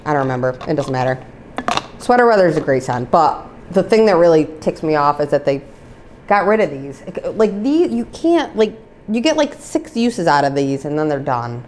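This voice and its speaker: A woman's voice: low-pitched, slight background noise. A woman vlogger chatting casually about used-up products, rambling with lots of filler words and getting heated over things she can't buy anymore. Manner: gets heated and exasperated over discontinued products. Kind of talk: casual chat.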